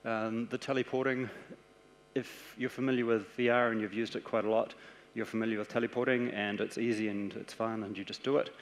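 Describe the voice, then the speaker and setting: Gravelly New Zealand man presenting in a hall. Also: fairly low pitch, a little fast, slight background noise. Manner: explanatory, steady and practical. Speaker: conference speaker. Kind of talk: conference presentation. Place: large conference hall. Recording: echoey conference hall.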